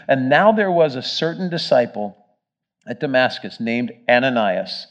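A man preaching a sermon, telling the story with energy and swinging between loud emphasis and hushed moments. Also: mid-range voice, expressive, normal speed. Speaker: pastor. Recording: dull, muffled sermon recording.

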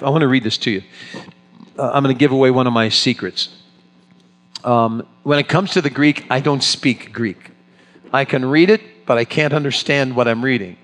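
A man preaching a sermon as pastor, swinging between loud exclamations and hushed, tender asides. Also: mid-range voice. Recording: long reverb of a large hall.

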